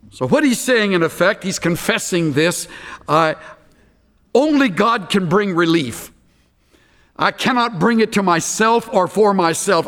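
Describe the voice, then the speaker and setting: A man preaching an expository sermon, emphatic and slowing down to stress key phrases. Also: sits high, fairly bright tone, big-room sound.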